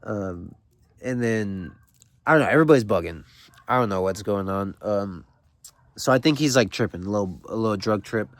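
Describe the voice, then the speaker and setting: A man's voice: on the low side, animated, moderate pace, dry recording. A man hosting a casual read-along, reading from a novel and commenting in loose, slangy, rambling talk with many fillers. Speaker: host reading a novel aloud.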